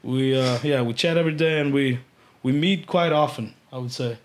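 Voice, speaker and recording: An Icelandic man, a podcast guest, telling casual stories with lots of swearing and loud acted-out quotes. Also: mid-range voice, normal speed. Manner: animated, swearing, acts out quotes loudly. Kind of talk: casual storytelling chat.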